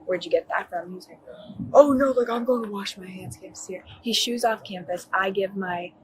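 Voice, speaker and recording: A woman's voice: mid-range voice, brisk, a bit bright, slight background noise, rough recording. A young woman, a college student, telling a police officer what happened in a rambling way full of fillers and restarts, recorded on a bodycam. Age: young adult. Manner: rambling, filler-heavy, self-correcting. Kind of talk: recounting events to police.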